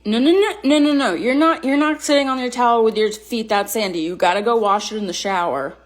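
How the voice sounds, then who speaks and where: With a fairly high, brisk, lightly acted voice, a woman portrays a harried suburban mother at the beach. Exasperated, she tells off her children and her husband.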